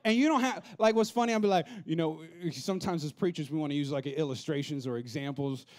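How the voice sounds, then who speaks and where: A pastor preaching a lively, humorous sermon, acting out the people he quotes. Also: a little high, fast. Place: church auditorium.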